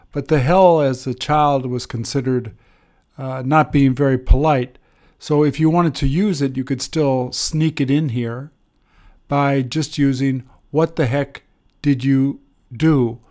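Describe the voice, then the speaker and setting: Male English teacher, slow and deliberate delivery, mid-range pitch, explanatory lesson tone. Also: creaky, a little mellow. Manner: slow, deliberate, with pauses and fillers.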